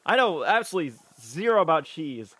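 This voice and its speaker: A man's voice: on the high side, very animated, fairly quick, a bit bright, no echo. A young man streaming a game live, chatting casually, reading the game's lines and viewers' messages aloud, swearing often and laughing easily.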